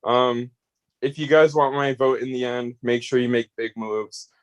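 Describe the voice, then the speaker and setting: A man's voice: mid-range voice, fairly even intonation, a little slow, clear, resonant tone. A man giving a rambling, heartfelt farewell speech on voice chat as an eliminated player. He swears freely and grows emotional.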